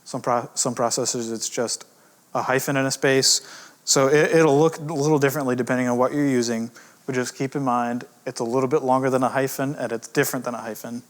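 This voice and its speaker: Male editor as teacher, relaxed and conversational, middle pitch, slows to stress example words, casual fillers. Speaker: grammar course teacher, editor. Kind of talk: recorded lesson.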